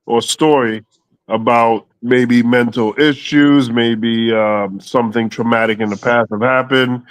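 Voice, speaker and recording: A man hosting a podcast panel who hands the floor to the next speaker in a halting way, full of fillers. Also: mid-range voice, steady tone, no echo, poor audio. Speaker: podcast host. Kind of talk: moderating a panel.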